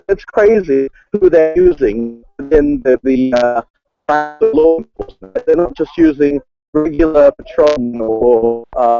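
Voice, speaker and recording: A man's voice: fairly high pitch, vocal fry, dry recording, dull audio. A man giving a live street report over a mobile stream, hesitant and full of fillers. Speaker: field reporter. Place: city street outdoors. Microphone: phone over a mobile stream.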